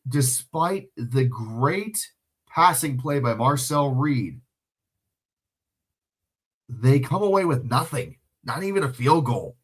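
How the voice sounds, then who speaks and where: Young guy yelling and cursing at a football stream, then rattling off plays, normal mid voice. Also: medium pitch, slightly rough. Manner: profane, emotional outbursts at plays. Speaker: livestream watch-along host. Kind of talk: excited live play-by-play commentary with chat. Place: home room.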